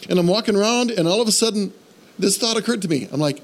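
This preacher's voice sits high and moves at normal speed, broken by long pauses. He recounts a humorous story about himself, poking fun at his own expense, then climbs to an impassioned exhortation to believe.

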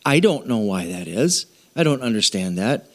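A man's voice: on the low side, big pitch swings, moderate pace. A middle-aged man, a pastor, giving a casual Bible lesson in church, chatty and joking, often asking the audience questions. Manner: conversational, asks the audience questions, jokes.

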